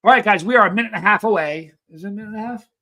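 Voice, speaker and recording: A man with a fairly high voice hosts a casual live stream. He rambles through stories and reads viewer messages aloud in an easygoing chat. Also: racing, pushed and bright.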